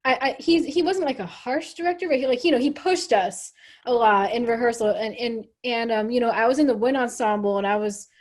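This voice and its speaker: A woman hosting a casual chat over a video call, relaxed and talkative with many fillers. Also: a little high, a little fast. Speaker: host, trombone player. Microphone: video call microphone.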